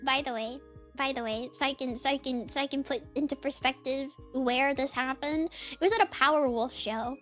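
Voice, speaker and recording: Young woman, streamer, casual storytelling chat, high-pitched, animated, laughs often, faint background music. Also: normal speed.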